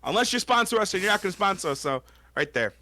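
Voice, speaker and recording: An angry man rants about his team, voice pitched high and swinging wildly up and down. His tone is bright and sharp, and the sound is dry and close. He swears constantly and stumbles over his own words. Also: very animated, fast, no room sound. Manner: angry, swearing, repeats himself. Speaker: podcast co-host. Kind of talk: profane sports rant.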